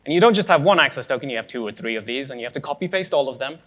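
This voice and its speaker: A man's voice: mid-range voice, animated, racing, a bit bright. A young man giving a conference tech talk, casual and sarcastic with joking asides. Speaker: conference speaker.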